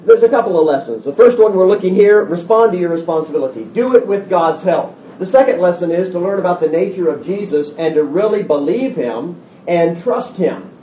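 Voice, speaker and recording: Male pastor, high lively voice, mellow tone; sermon heard from a distance in a roomy hall. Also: brisk, hardly any pauses, a little hiss or hum. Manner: animated, acts out the disciples' voices. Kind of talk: expository Bible sermon. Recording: roomy, distant, dull sound.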